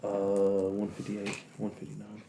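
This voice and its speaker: A man's voice: on the low side, monotone, a little slow, creaky. A man chatting casually while building a model set, teasing his friend in a dry way. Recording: noisy background.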